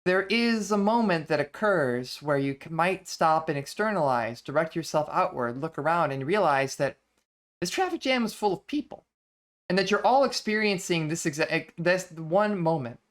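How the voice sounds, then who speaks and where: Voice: medium pitch, animated, moderate pace. An adult vtuber hosting a book reading series, talking through ideas in a thoughtful, conversational way with frequent restarts. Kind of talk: casual reflective lecture stream.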